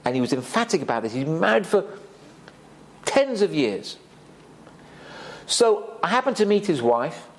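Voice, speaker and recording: Animated, high-voiced rabbi teaching. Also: male voice. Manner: animated, emphatic, with Hebrew terms. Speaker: rabbi giving a Torah class. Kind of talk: sermon. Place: community synagogue hall.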